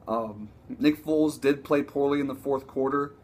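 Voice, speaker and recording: A man ranting casually about his football team, profane and excitable, rambling with frequent restarts. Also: medium pitch, moderate pace. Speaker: sports vlogger. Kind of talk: casual sports rant.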